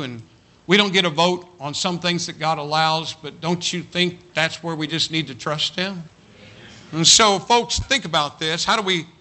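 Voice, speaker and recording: A man preaching a sermon. He reads a poem dramatically, slowing down and rising for emphasis, and stumbles and repeats words when he talks loosely. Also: a little high, sharp tone. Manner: dramatic poetry reading, slows and rises for emphasis.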